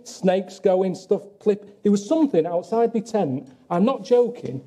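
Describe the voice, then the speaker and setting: Grumbling deadpan man, slightly high voice. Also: a little slow, slight background noise. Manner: glum, grumbling, deadpan complaints. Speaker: travelling presenter. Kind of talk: documentary monologue and chat. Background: music.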